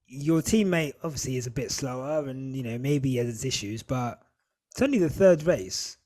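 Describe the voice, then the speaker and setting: A man co-hosting a casual podcast chat, animated, teasing and pushing his guests for answers. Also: mid-range voice, moderate pace. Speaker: podcast co-host. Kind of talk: casual chat about motor racing.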